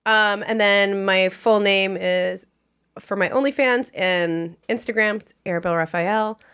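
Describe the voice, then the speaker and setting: A woman guest in casual chat, telling stories with animated acted-out quotes and plenty of laughter. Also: medium pitch, a little slow, clear, resonant tone. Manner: animated storyteller, acts out quoted lines, laughs a lot. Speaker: podcast guest.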